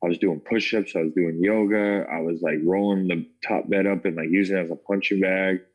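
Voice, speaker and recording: A man's voice: deep voice, steady tone, brisk, low-quality recording. An American man telling his life story in a casual interview, full of "like" and "man" fillers. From United States. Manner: casual, filler-heavy, says "like" and "man" often. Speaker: interview guest. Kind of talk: personal testimony storytelling.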